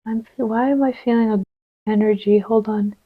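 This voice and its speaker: A woman giving a channeled card reading, gentle and reassuring, sometimes dropping to a soft whisper as she places cards. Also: mid-range voice, fairly even intonation, normal speed, husky, phone-quality sound. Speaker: tarot reader.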